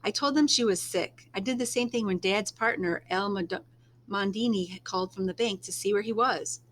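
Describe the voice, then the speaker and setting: A woman reading a first-person novel aloud in a soft, unhurried storytelling manner, now and then dropping to a hush. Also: mid-range voice, slight background noise. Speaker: reader.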